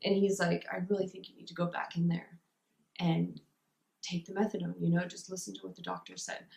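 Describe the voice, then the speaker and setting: A woman's voice: lowish voice, level tone, fairly quick, gravelly, a little mellow. A young woman telling her personal recovery story in an interview, talking casually and rambling with many fillers. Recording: roomy echo.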